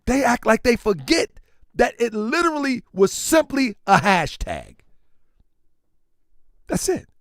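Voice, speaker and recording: A man's voice: extremely high pitch, big pitch swings, slow pace, pauses often, no room sound, studio quality. A man hosting an opinion commentary show, speaking emphatically and repeating his points, calling his listeners family. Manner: emphatic and repetitive, addressing viewers as family. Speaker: commentary channel host.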